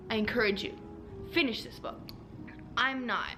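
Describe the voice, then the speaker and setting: A young woman book vlogger chatting casually, bubbly and excitable, with sudden squeals. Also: on the high side, moderate pace, music in the background. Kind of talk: casual reading vlog.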